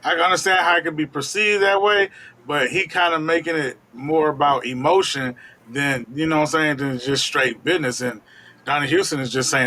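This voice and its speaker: A man co-hosting a casual commentary show, weighing both sides in a reasoned, measured way. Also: a little high, pushed and bright.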